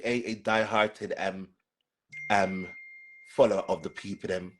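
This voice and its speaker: A man's voice: sits low, fairly even intonation, a little slow, a little hiss or hum. A man with a Jamaican accent, from Jamaica, doing a casual live stream and sassily answering viewer comments, often repeating himself. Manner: sassy and repetitive, talking straight back to commenters.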